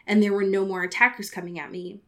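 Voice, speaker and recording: A woman's voice: mid-range voice, level tone, fast, a bit bright. A woman co-hosting a casual book chat, tossing in indignant, swearing asides and filler words. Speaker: book podcast co-host. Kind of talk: casual chat recapping a novel.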